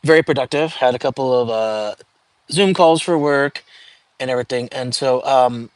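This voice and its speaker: A man's voice: medium pitch, normal speed, no room sound. Chatty man on a dry livestream. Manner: chatty, frequent fillers, reads out viewer comments. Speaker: livestream host. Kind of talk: casual livestream chat with viewers.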